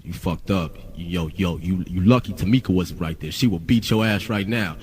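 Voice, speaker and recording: A man putting on the low, blunt voices of gruff male record label workers. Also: normal speed, a little mellow, slight background noise, lightly acted. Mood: scolding. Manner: low, blunt, street talk.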